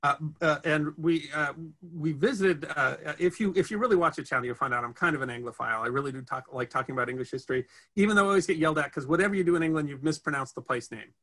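Fast, bright-voiced man telling stories. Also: on the high side. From United States. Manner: rambling storyteller with many restarts and fillers. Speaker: interview guest, history storyteller. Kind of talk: casual interview chat.

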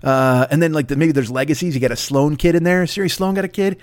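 A man's voice: on the high side, fast, dry recording. Profane, rambling man on a podcast. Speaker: podcast host. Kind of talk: casual comedic rant. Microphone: podcast microphone.

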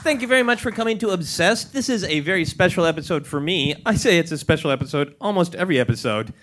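A high-pitched man emceeing a comedy show in front of a live crowd. He talks playfully, laughs at his own jokes and riffs with the audience as he introduces guests. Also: expressive, fast, fairly bright tone, a little hiss or hum. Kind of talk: live stage hosting. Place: stage before a live audience.

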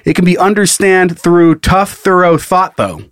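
A man co-hosts a loose comedy podcast, trading jokes and cursing freely. His voice sits a little high for a man and comes across close and dry, with no room sound. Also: fairly even intonation, a little slow, dry recording. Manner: jokey, profane, laughs often. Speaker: podcast co-host. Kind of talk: casual comedic chat.

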